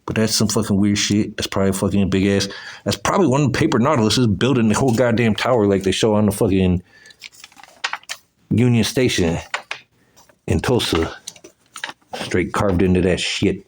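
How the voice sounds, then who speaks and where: A man's voice: lowish voice, moderate pace, pauses often, slight background noise. A man giving profane, agitated commentary on old photos, exclaiming as he goes. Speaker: video host.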